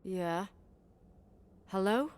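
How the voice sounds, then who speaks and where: A woman's voice: mid-range voice, lively intonation, very slow, background noise. An actress playing a guarded young woman who speaks tersely and suspiciously. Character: guarded young woman back at family hotel.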